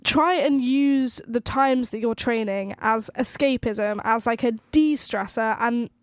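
A woman's voice: on the high side, a little slow, no room sound, studio quality. A young woman co-hosting a podcast as a student-athlete, chatting casually with frequent "like" fillers and easy laughter. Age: young adult. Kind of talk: casual chat. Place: university.

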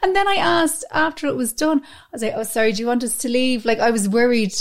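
Irish woman, fairly high voice, lively, laughing storyteller, casual podcast co-host. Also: fast talker, gravelly. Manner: animated storyteller, laughs often. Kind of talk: casual chat.

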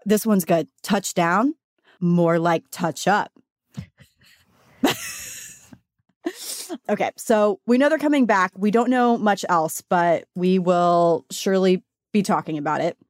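A woman co-hosting a beauty podcast in casual chat, talkative and quick to laugh and tear up. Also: fairly low pitch, no echo, clean studio sound. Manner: chatty, gets emotional and laughs through tears. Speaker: podcast co-host.

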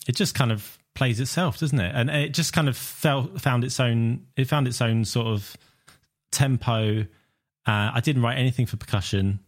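A man's voice: mid-range voice, normal speed. A man who arranges for the band, talking casually and easily, laughing and humming tunes. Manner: easygoing, laughs often, hums tunes. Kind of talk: casual chat.

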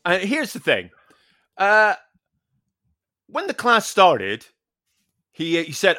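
British man, podcast host, animated storytelling, bright voice, lively pitch, dry close mic. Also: slow, pauses often, no room sound. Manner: animated, swears a lot, acts out dialogue. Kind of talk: casual storytelling.

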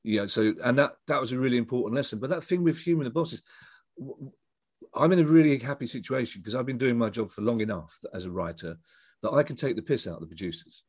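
A man's voice: medium pitch, quick pace, a little mellow, breathy edge, no room sound. A middle-aged man, a comedian and writer telling rambling stories in a casual interview, full of restarts and asides. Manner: rambling, with frequent restarts and self-deprecating asides. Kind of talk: casual storytelling chat.

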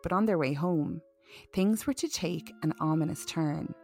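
Playful woman podcast host, low voice. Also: normal speed, a little mellow, soft background music. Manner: playful, teasing. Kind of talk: comedic storytelling podcast.

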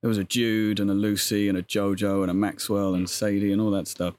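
A man's voice: lowish voice, little pitch movement, a little fast, darkish tone, no room sound. Rambling man, dry sound. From England. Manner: rambling, many "sort of" fillers. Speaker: guest, actor. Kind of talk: casual interview chat.

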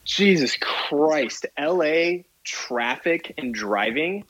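A man's voice: a little high, extremely slow, rough recording. A man, a podcast guest, casually telling an exasperated story and acting out both sides of an argument. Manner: animated, exasperated retelling with quoted dialogue.

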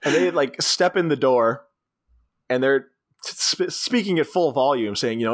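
A man retelling a film scene by scene for his podcast co-host, laughing often as he goes. His pitch rises and falls a lot at a middle height, and he slips into the characters' lines as he tells the story. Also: animated, unhurried. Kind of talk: casual movie recap chat.

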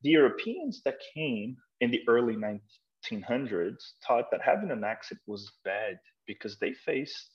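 Emphatic male start-up founder, persuasive. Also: mid-range voice. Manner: emphatic, persuasive storytelling with rhetorical questions. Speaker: start-up co-founder and executive, interview guest. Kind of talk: conversational interview. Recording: slightly muffled, lo-fi podcast audio.

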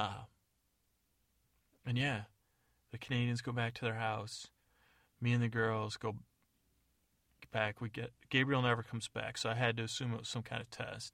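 A man delivering a loose, improvised comic monologue with deadpan asides. His voice has a gravelly, rough edge. The sound is dry and close, with no room echo. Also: mid-range voice, normal speed. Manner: rambling, self-correcting, deadpan asides. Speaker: comedy podcast narrator.

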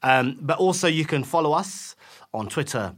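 A man's voice: on the high side, lively intonation, normal speed, fairly bright tone. A man co-hosting a casual podcast, talking animatedly and explaining with examples. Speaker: podcast co-host.

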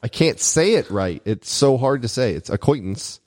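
A man's voice: medium pitch, lively intonation, normal speed, a little mellow, no room sound, clean studio sound. A married man in casual banter with friends, joking and laughing often and poking fun at himself. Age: adult, married. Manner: jokey, laughs often, self-mocking. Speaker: podcast co-host.

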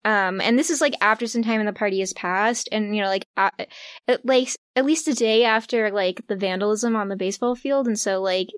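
A woman's voice: mid-range voice, a little fast, clear, resonant tone, no room sound, studio quality. A woman playing a tabletop game, talking casually and rambling with many fillers. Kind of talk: casual actual-play chat.

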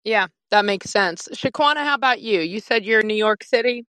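A woman hosting a panel over a video call, upbeat and quick to laugh. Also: mid-range voice, a bit bright, dry recording. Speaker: panel host.

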